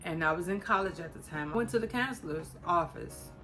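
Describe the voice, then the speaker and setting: A woman from Chicago speaks in a lowish voice, casually addressing her viewers in a personal vlog. She is emotional and fighting back tears as she talks. Soft music plays faintly beneath her voice. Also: brisk. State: close to tears. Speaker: vlogger. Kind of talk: casual personal talk to camera.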